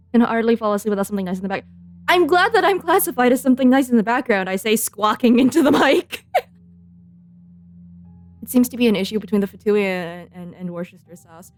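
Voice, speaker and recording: A woman's voice: a little high, lively intonation, a little fast, long pauses. A woman streamer giving playful, giggly commentary while she plays a game and talks back to the characters. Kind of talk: casual gameplay commentary. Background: faint game music.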